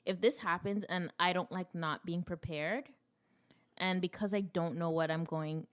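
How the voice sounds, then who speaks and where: Animated young woman telling a story. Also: measured pace. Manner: animated storyteller, acts out quotes in high squeals. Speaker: co-host sharing her birth story. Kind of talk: casual chat.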